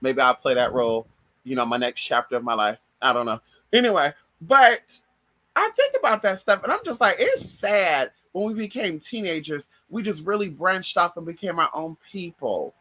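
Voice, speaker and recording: A woman's voice: on the low side, expressive, normal speed, fairly bright tone, no room sound, rough recording. A woman vlogger chatting casually to her viewers, swearing freely and calling them y'all and girl. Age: adult. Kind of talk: casual storytelling chat.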